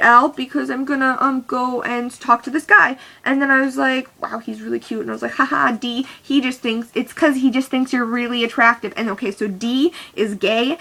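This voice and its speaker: A young vlogger rambling through a personal story, full of "like" and "um", excitable and anxious. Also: high-pitched, poor audio.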